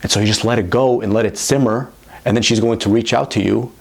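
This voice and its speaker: Blunt, profane man with a gravelly voice. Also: fairly low pitch, steady tone, fast talker. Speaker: dating coach. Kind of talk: direct-to-camera advice monologue.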